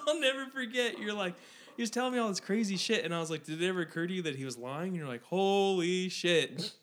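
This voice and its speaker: A man's voice: high voice, fast, a bit bright, slight background noise. A young man on a podcast, teasing a friend and laughing through his stories. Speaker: podcast co-host. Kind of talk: casual podcast chat.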